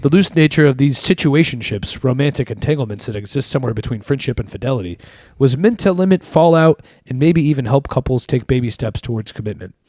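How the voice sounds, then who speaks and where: A sarcastic man co-hosting a comedy podcast, his pitch swinging widely as he reads out news items and mocks them. His voice sits close and dry against the mic, with no room sound. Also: lively intonation, fast talker, darkish tone, no room sound. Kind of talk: casual comedic banter.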